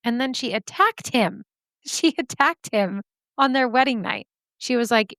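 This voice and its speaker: A woman's voice: fairly high pitch, expressive, measured pace, fairly bright tone, no room sound, studio quality. A woman hosting a true-crime podcast, telling the story casually with sassy asides and frequent laughs. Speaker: podcast host.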